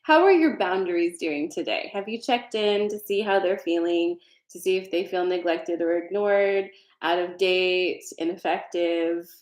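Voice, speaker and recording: A woman's voice: on the low side, a little slow, hardly any pauses. Frank, chatty woman host, echoey room. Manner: frank, chatty, swears freely, reads out viewer comments. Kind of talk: casual live talk about self-care. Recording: roomy echo.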